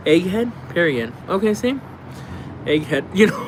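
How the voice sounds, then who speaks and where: A man's voice: high voice, big pitch swings, unhurried, slight background noise. A man hosting a livestream in casual chat, rambling, swearing and laughing a lot as he answers viewers. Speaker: livestream host. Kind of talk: casual chat while reading viewer comments.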